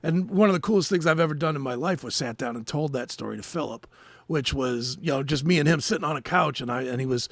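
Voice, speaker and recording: A man co-hosting a podcast, telling a story in casual chat, animated and swearing freely. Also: fairly high pitch, fast, gravelly, no room sound, studio quality. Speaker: podcast co-host.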